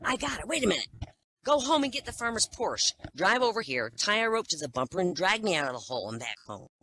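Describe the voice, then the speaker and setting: A horse trapped in a hole barks out a plan with a pushy urgency, as a man tells the joke. The voice is bright and forceful. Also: a little high, big pitch swings, fast talker, slight background noise. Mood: scheming.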